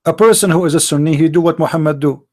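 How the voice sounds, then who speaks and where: Guy running a call-in debate stream, kinda high mellow voice, heated, non-native english, keeps firing questions. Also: fast. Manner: heated, pressing rhetorical questions. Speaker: host of a call-in debate show. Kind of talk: live online call-in debate.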